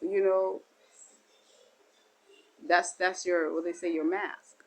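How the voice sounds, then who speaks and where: A woman's voice: fairly low pitch, flat delivery, slow, poor audio. A woman delivering a spiritual monologue as a teacher, in a meandering, repetitive and folksy way. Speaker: self-styled spiritual teacher.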